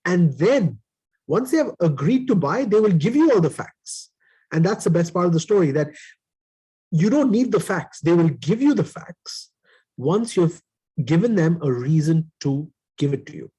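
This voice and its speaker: Guy coaching sales ppl step by step, kinda high voice, mellow and breathy. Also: sing-song, normal speed, low-quality recording. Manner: instructive, lays out points in numbered steps. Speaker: sales trainer on a panel. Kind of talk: coaching talk.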